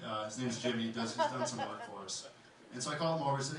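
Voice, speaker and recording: A male stand-up comedian working a club crowd, animated and quick to act out characters in high, excited voices. He sounds distant and roomy, with a heavy echo in the recording. Audience noise runs clearly underneath. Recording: echoey club, mic from far off, crowd noise. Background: audience laughter.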